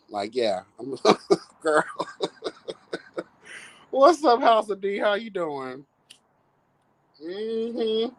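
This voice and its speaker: In a casual gossip livestream from home, cats nearby, the host is sassy and talkative, calling listeners girl and honey, singing snippets and laughing. The medium-pitched voice is sing-song and extremely slow, with frequent pauses.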